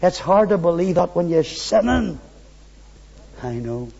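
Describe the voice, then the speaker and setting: A man preaching a sermon, fervent, with quiet, low pleading asides. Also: expressive, measured pace, creaky, breathy edge. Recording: dull sound in a large reverberant hall.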